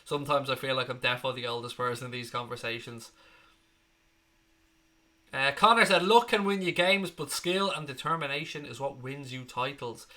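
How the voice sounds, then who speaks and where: Irish man, thirties, live stream host, chatty and blunt, very bright voice. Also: medium pitch, normal speed. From Ireland. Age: 30s. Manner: chatty, blunt, swears freely. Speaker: fan channel host. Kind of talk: casual live-stream chat reading comments.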